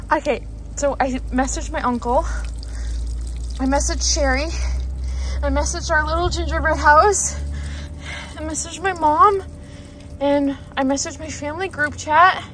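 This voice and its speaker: A woman talks to her viewers from her garden, out of breath and emotional, her words tumbling out in a rush. Her voice sits a little high, and she slips into hushed whispers now and then. A faint hiss of outdoor noise sits behind her. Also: measured pace, pauses often, poor audio. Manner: excitable and emotional, lots of "like"; drops to hushed whispers near the nest. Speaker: vlogger. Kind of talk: casual vlog to camera. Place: outdoors in a home garden and deck.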